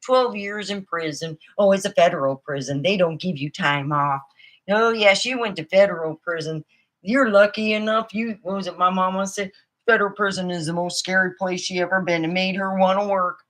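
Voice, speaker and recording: A woman's voice: mid-range voice, fairly bright tone. A middle-aged woman telling rambling comic stories in a chatty, meandering way. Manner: chatty, meandering, many fillers. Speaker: comedian. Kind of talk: rambling stand-up storytelling.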